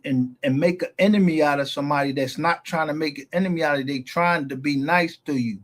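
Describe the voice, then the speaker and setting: A man's voice: fairly high pitch, quick pace, hardly any pauses. A man giving a heated, profane, rambling commentary as a YouTube creator, often restarting his sentences.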